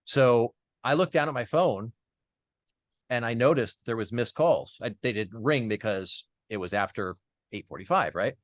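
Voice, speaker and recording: A man's voice: medium pitch, animated, normal speed, no echo, studio quality. A man as an interview guest, telling a personal story in an earnest way, with many fillers and restarts.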